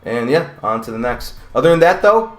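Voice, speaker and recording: A man's voice: medium pitch, very animated, a little fast, faint music behind. Male fight commentator, casual and profane, rambling delivery, echoey room. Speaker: combat sports commentator. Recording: roomy echo.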